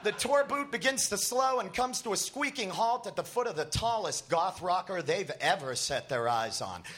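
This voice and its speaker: A comedian reading a comic story aloud at a comedy festival, narrating an absurd tale with a straight delivery. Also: male voice, sits high, expressive, moderate pace, fairly bright tone.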